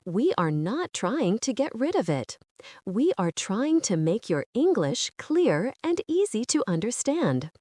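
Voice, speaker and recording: Woman, English teacher, slow, clear and encouraging, lively melody, dry close sound. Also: fairly high pitch, no echo. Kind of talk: scripted lesson narration.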